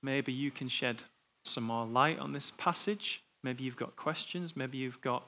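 A man's voice: medium pitch, unhurried, pushed and bright. A man preaching an informal sermon in a church, talking in a conversational way and thinking aloud before opening the floor for discussion.

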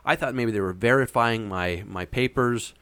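A man's voice: medium pitch, normal speed, a bit bright, no room sound. A man casually telling a long, meandering anecdote with frequent hesitations. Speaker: storyteller. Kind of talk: casual chat.

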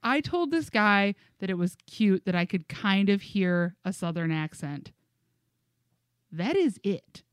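A woman co-hosting a casual podcast chat, telling stories with lots of fillers and quick laughs. Her voice sits at a middle pitch. It is recorded close and dry, with no room sound. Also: no room sound. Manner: animated storytelling with many fillers and laughs. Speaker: podcast co-host.

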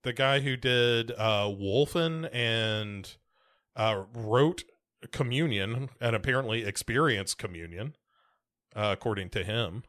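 A man's voice: medium pitch, takes it slowly, fairly bright tone. An American man co-hosting a podcast, chatting casually about a film with many fillers and restarts. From United States. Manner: rambling, full of fillers and restarts. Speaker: podcast co-host.

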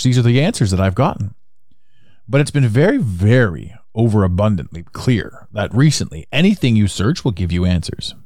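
On his solo podcast, a man with a Canadian accent meanders and keeps circling back to what he's already said. The lowish, slightly mellow voice comes through dry and clean, with studio sound.

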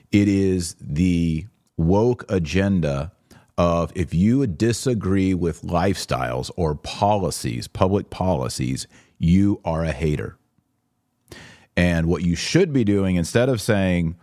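A middle-aged man hosting a podcast, walking through a series of images with wry, sarcastic commentary and quick put-on voices for the people in them. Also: deep voice, expressive, darkish tone, no echo, clean studio sound. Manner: wry, sarcastic, acts out quoted figures. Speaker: podcast host.

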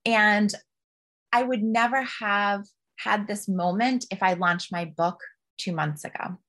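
A woman, a guest on a podcast, telling personal stories in an open, emotional and expressive way. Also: mid-range voice, slow pace. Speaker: podcast guest, business coach. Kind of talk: candid personal storytelling.

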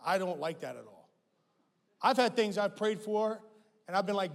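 Impassioned preacher in a reverberant hall. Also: male voice, high-pitched, expressive, moderate pace, gravelly. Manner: impassioned preaching, swinging from loud to hushed. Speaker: guest pastor. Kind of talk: sermon. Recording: long reverb of a large hall.

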